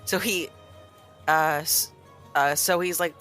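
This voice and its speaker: A man taking his turn in a tabletop game, rambling through what his character does with plenty of fillers. His voice is bright and forward, with faint music underneath. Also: fairly high pitch, fairly even intonation, slow. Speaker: player. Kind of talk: describing his character's actions.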